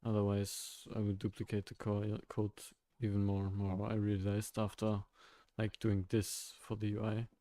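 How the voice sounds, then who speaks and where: A young man streaming while coding, chatting casually with his viewers and thinking aloud in a halting way with frequent laughs. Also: on the low side, completely flat delivery, dark tone, dry recording.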